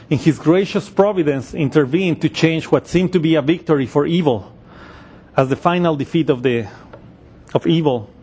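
A man's voice: on the high side, a little mellow, breathy edge. A man giving a verse-by-verse Bible teaching, reasoning through the details step by step.

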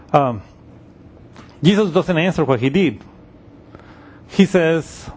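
A man's voice: on the high side, lively intonation, slow pace, long pauses, a little mellow, breathy edge. A man preaching a sermon in an explanatory way, thinking aloud as he walks through a passage.

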